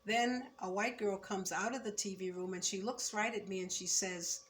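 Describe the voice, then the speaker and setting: An older woman in her seventies recalling her student years in a measured, reflective oral-history telling, turning firm when she speaks of injustice. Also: mid-range voice, fairly even intonation, slight background noise. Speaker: former student recounting memories.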